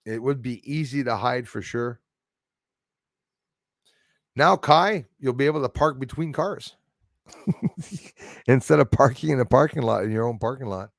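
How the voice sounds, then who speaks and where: A man with a French Canadian accent chats loosely on a livestream, reading out viewer comments and drifting between thoughts. He chuckles often, and his voice jumps suddenly from mutters to loud bursts. His voice sits at an ordinary middle pitch, recorded close and dry with no room sound. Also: measured pace, creaky, long pauses, no echo. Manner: rambling, chuckling, jumps loudly between topics. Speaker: livestream host.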